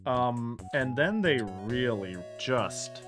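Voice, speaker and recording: A man streaming, reacting in casual commentary, excitable and ranting, laughing and exclaiming at what he sees. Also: medium pitch, slow pace, faint music behind.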